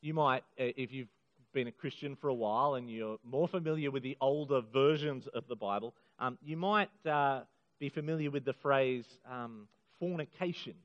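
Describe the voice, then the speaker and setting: A middle-aged man preaching a sermon to a congregation, earnest and emphatic, slowing down on key phrases. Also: mid-range voice. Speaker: pastor. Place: church hall. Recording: muffled sound in a hall with long reverb.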